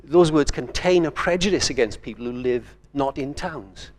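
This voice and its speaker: A man's voice: mid-range voice, normal speed. An older man from Wales, a writer speaking on a conference panel in a thoughtful, digressive way.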